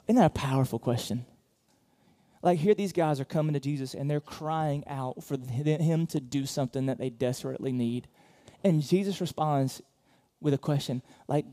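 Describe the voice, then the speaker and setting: A man preaching a sermon as pastor, talking conversationally with many fillers and restarts, swinging between loud emphatic bursts and quiet asides. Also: mid-range voice, normal speed. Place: church auditorium.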